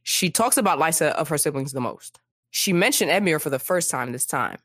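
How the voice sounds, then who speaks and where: A woman co-hosting a casual book discussion podcast, animated, acting out characters in quick asides. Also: low voice, breathy edge, dry recording, clean studio sound. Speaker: podcast co-host.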